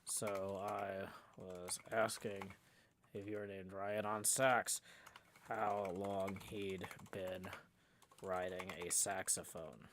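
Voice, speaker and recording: A man's voice: low voice, little pitch movement, slow pace, a bit bright, slight background noise. A tired man running a live game stream, reading chat messages aloud and bantering with viewers at a desk microphone. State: tired, low on energy.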